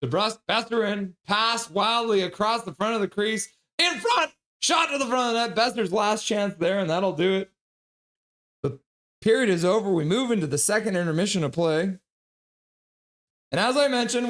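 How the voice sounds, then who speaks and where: A man's voice: high-pitched, fairly bright tone. A man hosting a live stream, calling hockey play-by-play in a casual, chatty way and joking with chat between calls.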